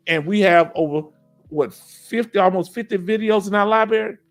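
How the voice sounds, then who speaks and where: A middle-aged man with a Southern US accent hosts a casual veterans' live stream. He reads viewer comments and keeps checking in with "you understand?". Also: sits high. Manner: animated, preachy, keeps asking "you understand?".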